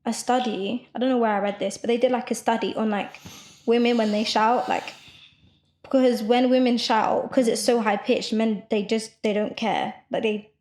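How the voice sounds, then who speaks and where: A young woman co-hosting a podcast, talking loudly and quickly in a rambling casual chat full of fillers. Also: a little high, fairly even intonation. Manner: loud, fast rambling with many fillers. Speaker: podcast co-host.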